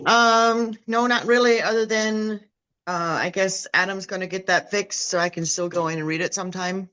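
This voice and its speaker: A woman co-hosting a podcast, giving short, relaxed replies in casual chat. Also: medium pitch, normal speed, clear, resonant tone.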